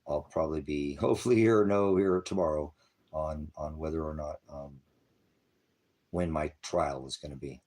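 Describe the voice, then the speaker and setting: A man's voice: low-pitched, gravelly, a little mellow, husky. A man preaching on a livestream, talking in a profane, aggressive, rambling rant and addressing his chat viewers. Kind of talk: angry rambling livestream talk.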